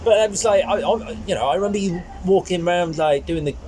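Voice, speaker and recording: A man guesting on a podcast tells his stories with lively, animated energy, his voice sitting a little high. Light outdoor noise hums faintly behind him. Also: fast. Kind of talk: casual chat. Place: outdoors in the sunshine.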